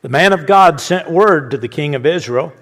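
A man with a fairly high voice teaches from scripture in a relaxed, conversational sermon. He repeats and restarts his phrases and slips in chuckling asides. A long reverb trails after every word, as if in a large hall. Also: normal speed. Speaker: Bible teacher. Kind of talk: informal Bible teaching sermon.

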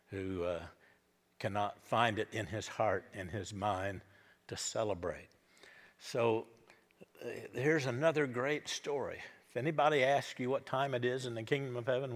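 A middle-aged pastor delivers a sermon in a folksy, storytelling way and acts out the characters as he goes. His voice sits at a middle pitch. Long reverb trails each phrase through the church.

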